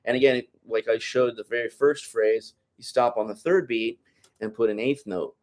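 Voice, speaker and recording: A man's voice: mid-range voice, normal speed. A man teaching a flamenco guitar masterclass, explaining in a loose, rambling way and counting beats aloud while he plays. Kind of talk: masterclass demonstration. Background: loud guitar playing.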